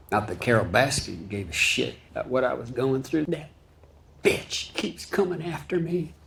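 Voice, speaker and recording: An actor playing a brash middle-aged zoo owner with an Oklahoma twang, talking in a crude, aggrieved drawl. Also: male voice, mid-range voice, slight background noise, pitched above the performer's own voice, natural voice. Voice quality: gravelly, rasp at the bottom of the voice. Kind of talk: television drama acting.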